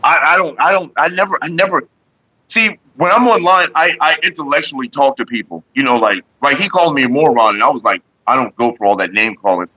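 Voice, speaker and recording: A man's voice: a little high, fairly quick, sharp tone, husky, dry recording. A young man vlogging, retelling an online argument in a casual, profane, laughing way on a dull lo-fi home recording. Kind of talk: casual storytelling.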